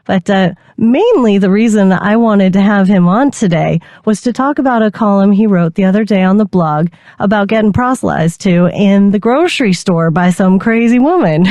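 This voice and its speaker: A woman's voice: mid-range voice, lively intonation, moderate pace, few pauses, a little mellow, no room sound. A woman co-hosting a podcast, introducing and questioning a guest in a friendly, teasing way. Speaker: podcast co-host. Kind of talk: casual interview.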